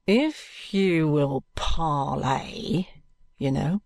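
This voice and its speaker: Male reader as a calm, patronising detective: deliberate and firm, fairly high voice, dry recording. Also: no echo, close to an everyday voice. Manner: cool, deliberate and coaxing.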